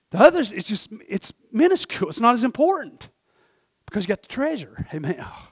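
A middle-aged man preaching a sermon, rambling and breaking off mid-thought, his voice swinging from hushed asides to shouts. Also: very high voice, big pitch swings, a little fast, husky, no echo, studio quality.

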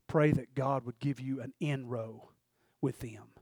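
A middle-aged man preaching a sermon and telling a personal story in a folksy way, swinging from hushed to loud. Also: medium pitch, steady tone, a little slow, slightly rough, no room sound, studio quality. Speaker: pastor. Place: church sanctuary.

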